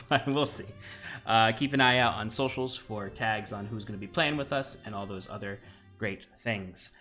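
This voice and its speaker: A man's voice: on the low side, moderate pace, sharp tone, soft background music. A man hosting a live tabletop stream, reading out announcements in a rambling way full of fillers. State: out of breath. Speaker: stream host.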